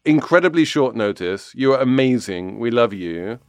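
A man's voice: medium pitch, lively intonation, normal speed, dry recording. Confident male podcast host, dry studio sound. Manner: assured, explaining with confident asides. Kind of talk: casual chat.

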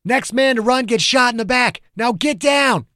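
A man voicing a male military commander who shouts orders in battle. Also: sits high, lively intonation, a little fast, no echo, studio quality, voice pushed up. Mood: commanding.

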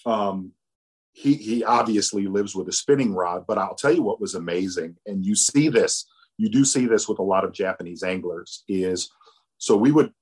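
A man speaking reflectively in a casual chat, pausing and restarting as he gathers his thoughts. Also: fairly low pitch, slightly rough. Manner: reflective, halting with fillers. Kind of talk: casual conversation.

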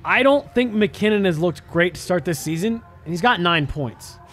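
A high-voiced man co-hosting a casual podcast. He is eager and keeps jumping into the conversation, often repeating words as he gets going. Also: expressive, normal speed, a bit bright. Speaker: podcast co-host. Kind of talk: casual chat.

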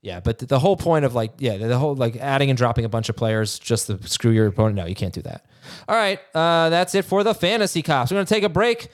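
A man hosting a fantasy football podcast, chatting casually with halting restarts and reading listener emails aloud. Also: medium pitch, animated. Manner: halting, many restarts, reads questions aloud. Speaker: podcast host.

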